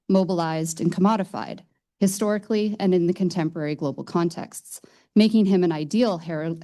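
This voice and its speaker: Female event host reading a measured intro, low mellow voice. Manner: measured and formal. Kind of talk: formal read-out introduction.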